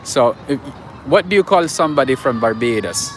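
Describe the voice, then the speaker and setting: A man's voice: mid-range voice, animated, moderate pace. A man hosting a casual livestream outdoors on a city street, chatting with viewers and greeting them by name. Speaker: livestream host. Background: street traffic.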